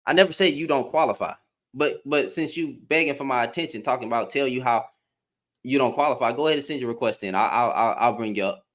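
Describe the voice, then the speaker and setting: A man's voice: medium pitch, quick pace, fairly bright tone. A man hosting a livestream, ranting in heated, emphatic commentary, repeating and restarting his words. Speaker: livestream host.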